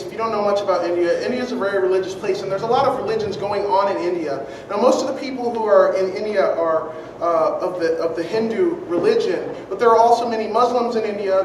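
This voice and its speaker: A preacher delivering a sermon earnestly, repeating key phrases and asking the audience rhetorical questions. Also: mid-range voice. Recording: very echoey room, distant mic, faint noise.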